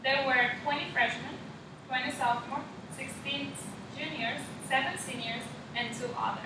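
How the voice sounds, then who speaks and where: A woman's voice: high-pitched, steady tone, normal speed. A young woman, a student, practicing a class presentation and methodically reading out figures and lists. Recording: echoey room, mic far off, background noise.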